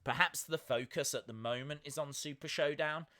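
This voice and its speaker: Bright-voiced man rambling on a live stream. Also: fairly high pitch, moderate pace. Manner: rambling, with many fillers and restarts; reads out viewer comments and thanks them. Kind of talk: casual live-stream reaction chat.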